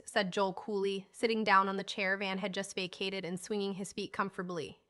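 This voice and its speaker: A woman narrating a classic children's novel as an audiobook, reading in a lively, expressive way. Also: medium pitch, moderate pace.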